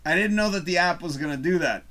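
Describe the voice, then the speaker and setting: A man's voice: sits high, fast, bright, forceful tone. A man hosting a live stream show, chatting casually while drinking, rambling and chuckling as he reads viewer comments aloud.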